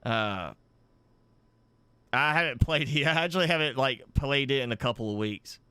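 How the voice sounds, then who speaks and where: A man streaming a game live, thinking aloud as he builds, with halting, self-correcting talk. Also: medium pitch, lively intonation, pushed and bright, clear, resonant tone, no echo. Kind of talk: live gameplay commentary.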